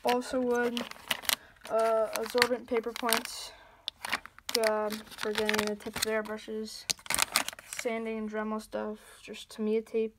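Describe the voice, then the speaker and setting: A woman's voice: fairly high pitch, completely flat delivery, slow pace, very noisy. A woman giving a casual tour of her scale model workbench, rambling and hesitant with many fillers, recorded at home.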